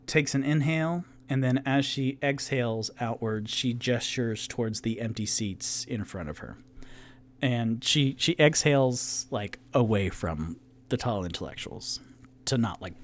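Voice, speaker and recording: A man narrating as the game master of a tabletop game, describing scenes in a relaxed, casual way. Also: medium pitch. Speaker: game master and solo player.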